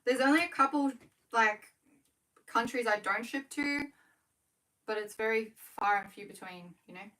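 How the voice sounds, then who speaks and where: A young woman with an Australian accent chatting casually to viewers on a livestream while she works, talking quickly and correcting herself as she goes. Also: a little high, pushed and bright. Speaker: small business owner livestreaming. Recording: voice a bit far from the mic.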